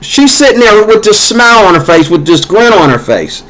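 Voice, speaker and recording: Man, higher-pitched voice, fired-up rant straight to his audience, repeats lines for emphasis. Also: big pitch swings, normal speed, fairly bright tone, poor audio. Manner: heated, repetitive, talks to viewers directly. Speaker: commentator. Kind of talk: casual ranting commentary.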